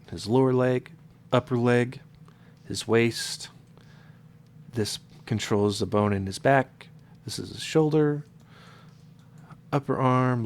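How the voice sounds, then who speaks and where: A man with a stuffed-up, congested nose, casually walking viewers through a modding tutorial, explaining loosely with fillers and self-corrections. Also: medium pitch. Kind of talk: casual screen-recorded tutorial.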